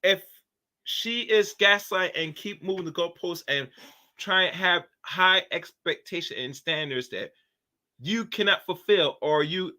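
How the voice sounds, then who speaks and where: A man talks through his opinions in a loose, preachy ramble, leaning on fillers as he goes. His voice is sharply bright with a slightly raised pitch, and he comes across as pointed and talky. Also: measured pace. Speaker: commentary channel host. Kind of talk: casual opinion commentary.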